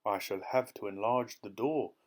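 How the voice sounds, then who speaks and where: A man voicing an excitable, kindly older lady who dotes on her pet tortoise, in a shrill, gushing voice. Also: normal speed, natural voice. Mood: earnest.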